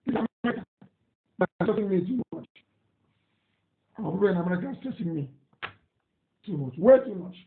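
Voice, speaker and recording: A man's voice: sits high, expressive, a little fast, long pauses, slight background noise. Emphatic Nigerian man on tinny radio. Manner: emphatic, repetitive, indignant. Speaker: radio broadcaster reading listener messages. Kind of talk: live radio broadcast address. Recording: tinny phone-like audio, echoey room.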